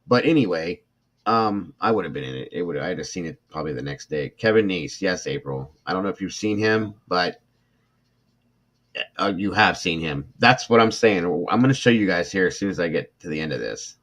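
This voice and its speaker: A man's voice: rumbling low, lively intonation, moderate pace, a bit bright, highs cut off. A middle-aged man hosting a true crime livestream, reading a report aloud and reacting with irritation while talking to his chat viewers. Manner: emotional, irritated, talks to chat viewers by name.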